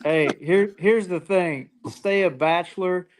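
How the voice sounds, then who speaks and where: A man on a live call-in stream hands out frank, laid-back advice, tossing in "man" as he talks. His voice sits slightly high. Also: slow pace, very noisy. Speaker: participant on a call-in show. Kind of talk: casual advice-giving chat.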